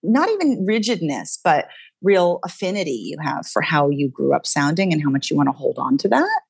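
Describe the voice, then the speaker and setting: A woman, a dialect coach talking energetically as a guest, thinking out loud with quick restarts. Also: low-pitched, big pitch swings, gravelly, husky, no room sound, studio quality. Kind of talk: casual interview chat.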